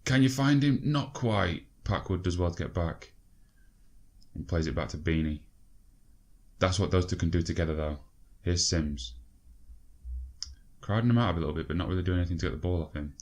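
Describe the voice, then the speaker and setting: A young man with a very deep voice calls out his football management game as it plays. He gets excited, swears and talks straight to his players. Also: fairly quick, pauses often. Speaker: gaming video creator. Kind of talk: game commentary.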